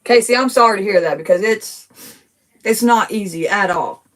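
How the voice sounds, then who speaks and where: A woman in her thirties talking casually to viewers from her home, emotional and quick to get worked up, repeating herself as she talks. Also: mid-range voice, recorded from a distance. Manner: emotional, gets worked up, rapid and repetitive. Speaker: TikTok creator. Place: her home living room.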